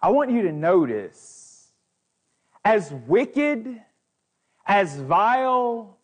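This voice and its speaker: A man's voice: sits high, a bit bright. A man preaching as a guest speaker, building emphatic, repetitive lists. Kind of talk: sermon.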